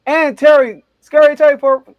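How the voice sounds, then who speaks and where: A man hosting a casual sports debate show, telling stories in an animated, excitable way with big jumps in his voice. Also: extremely high pitch, normal speed, no room sound, lo-fi sound.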